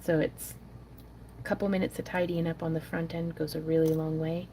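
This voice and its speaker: A middle-aged woman hosting a crafting livestream, chatting casually and muttering soft asides to herself while she works. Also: low-pitched, little pitch movement, a little fast, a little hiss or hum.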